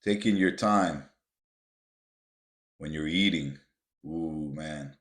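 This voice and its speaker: Deep low-voiced guy doing a motivational podcast, blunt, cusses a lot, keeps calling everyone guys. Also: slow pace, a bit bright. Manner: blunt and emphatic, swears freely, addresses listeners as "guys". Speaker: podcast host.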